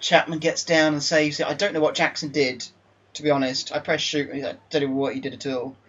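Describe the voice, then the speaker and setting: A man giving live commentary over his own football video game session, excitable and exasperated one moment, calmly running through his team the next. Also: on the high side, fairly quick, breathy edge. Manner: excitable, exasperated, swings between disbelief and calm team talk. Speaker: gaming YouTuber. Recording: slightly dull lo-fi mic.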